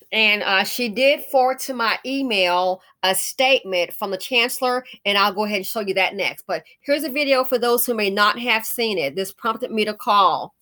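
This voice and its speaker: A woman hosts her own commentary vlog, speaking casually and bluntly as she works through her thoughts. Her voice is bright and forceful, set at a middle pitch, and she stops now and then with an um or uh. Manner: conversational, opinionated, thinking aloud with fillers. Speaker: commentary channel host.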